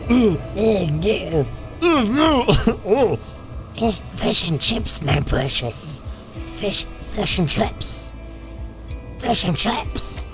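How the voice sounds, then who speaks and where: A man's voice: sits high, big pitch swings, drawn-out words, music in the background, pitched above the performer's own voice, full character voice. A man voicing a creepy, throaty hobbit-creature in a put-on New Zealand accent. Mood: croaking, whiny. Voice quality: throaty, croaking.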